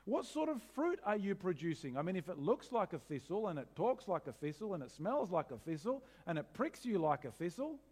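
A man preaching a sermon as pastor, animated, asking rhetorical questions with wry humor. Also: high-pitched, a little fast, hardly any pauses, breathy edge.

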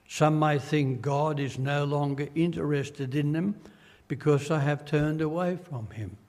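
An older man with an Australian accent preaching a sermon as pastor, slow and earnest, acting out quoted voices as he tells stories. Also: on the high side, darkish tone, in a large hall.

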